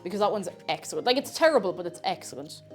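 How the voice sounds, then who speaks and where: A woman's voice: on the low side, expressive, fast talker, soft background music. A woman streamer chatting playfully while she cooks on a livestream, now and then breaking into silly noises. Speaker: livestreamer and VTuber. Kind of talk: casual chat while cooking on a livestream.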